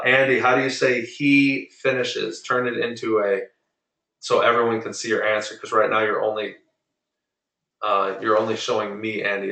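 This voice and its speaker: A man teaching Spanish to a small group over a video call, patiently drilling and repeating words slowly. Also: fairly low pitch, vocal fry, sharp tone, echoey room, recorded from a distance, rough recording. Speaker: Spanish tutor. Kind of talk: online group lesson.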